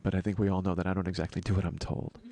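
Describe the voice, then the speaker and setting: A man's voice: low voice, level tone, racing, dark tone. A man in his forties, a comedian and podcast host, telling a wry, self-mocking story as a monologue. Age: 40s.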